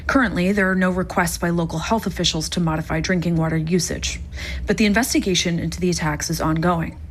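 A woman's voice: lowish voice, fairly even intonation, fast talker, slight background noise. A woman reporter filing a formal radio news story.

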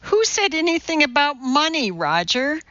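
A woman doing a shrill strict schoolteacher. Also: expressive, slow, no echo, lo-fi sound. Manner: sharp, huffy and shrill when scolding. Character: strict, irritable woman kindergarten teacher.

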